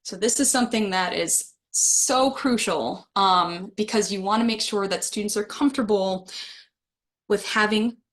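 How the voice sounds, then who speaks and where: A woman's voice: mid-range voice, measured pace. A woman presenting a webinar for teachers, talking casually and friendly, reacting to comments from the chat. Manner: friendly, laughs with the chat, reads comments aloud. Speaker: webinar presenter for adult educators.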